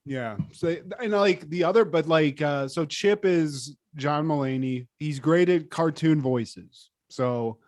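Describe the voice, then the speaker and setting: Animated, profane man, slightly high voice. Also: slow pace, few pauses, dry recording, clean studio sound. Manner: animated, profane, lots of fillers. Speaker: podcast co-host. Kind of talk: casual chat.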